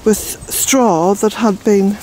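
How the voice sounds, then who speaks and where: An older woman from Ireland talks to the camera as she works outside in her garden, rambling and breathless with a mellow, warm tone. Faint outdoor noise sits behind her voice. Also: mid-range voice, slow pace, rough recording. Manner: rambling, chatty, with fillers. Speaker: vlogger, gardener. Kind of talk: casual walk-and-talk narration.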